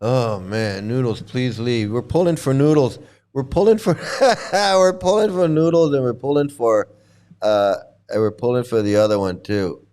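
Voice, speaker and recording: A man's voice: mid-range voice, a little slow, darkish tone, clear, resonant tone. A man hosting a casual reaction commentary, blunt and mocking, who swears freely and repeats his points. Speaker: channel host commenting on a livestream.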